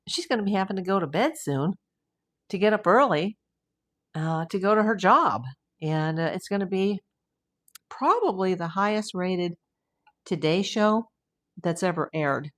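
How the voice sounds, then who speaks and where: Low-voiced woman chatting on a livestream. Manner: chatty, rambling, warm toward viewers. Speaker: true crime livestream host. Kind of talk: casual livestream chat reading viewer comments. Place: home.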